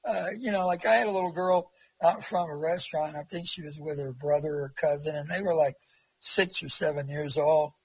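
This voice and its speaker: High-voiced rambling folksy man. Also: fairly quick, slightly rough, no echo, low-quality recording. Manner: rambling, folksy, many fillers. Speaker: interview guest, long-distance walker. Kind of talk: casual storytelling.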